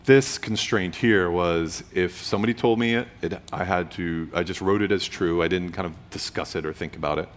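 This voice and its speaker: A man's voice: low voice, normal speed, hardly any pauses. A man in his thirties or forties, an author guest talking reflectively and playfully in an interview, acting out quotes as he goes. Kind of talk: conversational interview.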